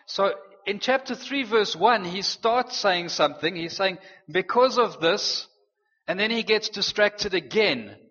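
A man preaching a sermon, earnest and animated, slipping in playful teasing asides. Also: high-pitched, unhurried. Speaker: pastor. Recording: dull, reverberant hall sound.

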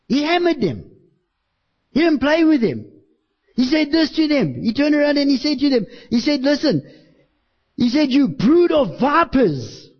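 High-voiced man preaching a sermon. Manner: impassioned, bursts into shouting when acting out street preaching. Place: church. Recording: dull lo-fi church recording.

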